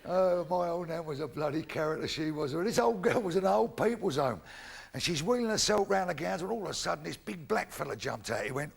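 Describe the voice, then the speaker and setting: A man's voice: fairly high pitch, animated, fast, gravelly, slightly rough. An older man doing stand-up comedy, blunt and full of swearing, acting out the voices in his jokes. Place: theatre stage before a live audience.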